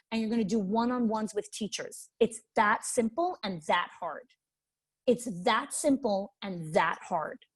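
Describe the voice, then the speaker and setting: A woman's voice: fairly high pitch, darkish tone, breathy edge. A woman leadership coach teaching a webinar in an emphatic way, repeating her key points. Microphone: webinar microphone.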